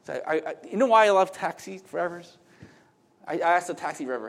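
A man's voice: high-pitched, animated, a little fast, creaky, a bit bright. A middle-aged man preaching a sermon in a conversational way, with asides to the congregation and many restarts. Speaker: pastor.

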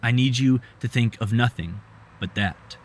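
A man's voice: measured pace, natural voice. A man voicing a mysterious stranger who whispers urgent, commanding instructions. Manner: hushed, low and insistent.

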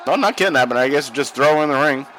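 A man's voice: medium pitch, fast, a bit bright. A man co-hosting a podcast, chatting casually and crudely with lots of swearing while watching wrestling. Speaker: podcast co-host. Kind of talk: casual watch-along chat. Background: wrestling broadcast playing.

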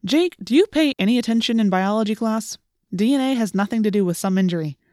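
A woman's voice: mid-range voice, expressive, fast, darkish tone, no room sound, clean studio sound, natural voice. Woman reading as a sarcastic teenage boy. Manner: sarcastic, mocking. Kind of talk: audiobook reading.

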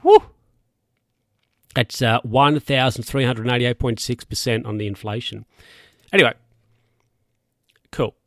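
A man's voice: medium pitch, fairly even intonation, normal speed, pauses often, fairly bright tone, dry recording, clean studio sound. Rambling sweary man. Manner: rambling, sweary, chuckles often. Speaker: show recapper. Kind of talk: casual spoken TV recap.

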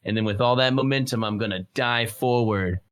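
A player in a tabletop game, boisterous and quick to laugh. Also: mid-range voice.

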